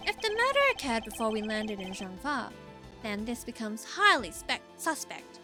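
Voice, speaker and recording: A woman voicing a stiff, formal male prosecutor in a measured voice, with game music behind. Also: very animated, pushed and bright. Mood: stern. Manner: measured, formal, lower-pitched than her own.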